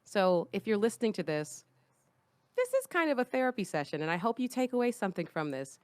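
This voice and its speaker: A woman's voice: medium pitch, big pitch swings, a little fast, a little mellow, smooth, dry recording. A woman hosting a casual comedy podcast, jokey and laughing often. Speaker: podcast host.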